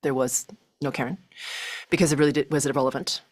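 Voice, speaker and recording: Middle-aged woman guest telling her story, deep-ish voice, dry close mic, says like a lot. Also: fast talker, no echo. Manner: animated, acts out her own thoughts, many filler likes. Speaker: podcast guest. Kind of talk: personal storytelling in conversation.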